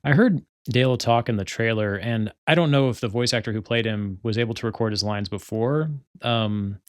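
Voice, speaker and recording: A man's voice: lowish voice, fairly quick, smooth, dry recording, studio quality. A young man hosting a solo podcast, chatting casually and rambling with lots of filler words. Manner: rambling, many filler words, frequent laughter. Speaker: podcast host.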